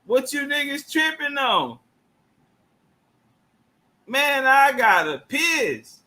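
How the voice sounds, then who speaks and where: A man's voice: very high voice, very animated, very slow, bright, forceful tone. A man doing loose, profane live commentary, heckling and laughing in heavy slang. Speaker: livestream commentator. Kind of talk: crude casual live commentary.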